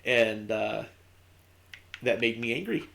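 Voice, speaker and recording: A man's voice: mid-range voice, animated, slow pace, gravelly, a bit bright, slight background noise. A man streaming a video game, rambling through a casual anecdote with lots of fillers. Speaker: gaming streamer. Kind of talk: casual storytelling while playing.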